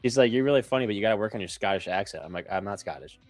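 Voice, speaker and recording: A young man with a low voice talks fast on a live trading stream, joking and swearing casually. The sound is dry and close, with faint music underneath. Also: animated, no echo. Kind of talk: casual chat.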